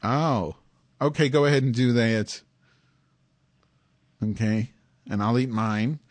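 Excitable, sarcastic male stream host. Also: mid-range voice, slow pace. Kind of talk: comedic live stream chat. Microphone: headphones with mic.

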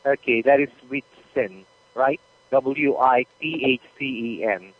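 A man's voice: mid-range voice, slow pace, breathy edge. A man working as a customer service supervisor, speaking politely and patiently with hesitant fillers. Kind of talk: customer service phone call. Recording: tinny dry phone line.

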